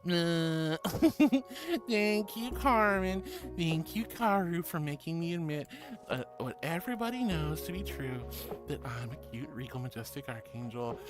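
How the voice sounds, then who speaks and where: A woman's voice: low voice, lively intonation, moderate pace, over music. A woman streamer chatting casually and reading her chat aloud, playful and teasing, with mock protests. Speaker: VTuber streamer.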